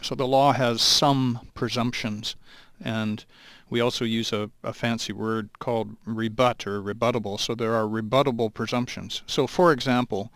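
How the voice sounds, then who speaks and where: A man, a lawyer guest, explaining legal ideas in a thoughtful, halting way on a talk show. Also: mid-range voice, fairly even intonation, a bit bright, no room sound. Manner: thoughtful, halting, with many restarts.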